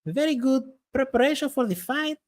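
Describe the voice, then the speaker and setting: A man's voice: expressive, moderate pace. A man doing a woman fighter. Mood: earnest. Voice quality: broken English, high and thin. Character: woman fighter with broken, Portuguese-accented English.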